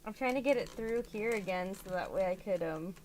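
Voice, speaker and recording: A woman's voice: medium pitch, a little fast, darkish tone, slight background noise. A young woman chatting through a fiddly crafting job at home, often exclaiming as she works. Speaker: doll hobby vlogger. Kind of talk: casual crafting vlog.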